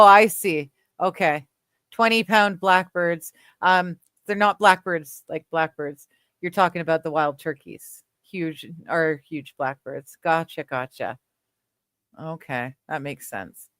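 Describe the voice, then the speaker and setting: A woman's voice: on the low side, a bit bright, smooth, no room sound, studio quality. A woman from Canada hosting a casual livestream chat, reading viewer comments aloud, laughing often and trailing off with fillers. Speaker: livestream host.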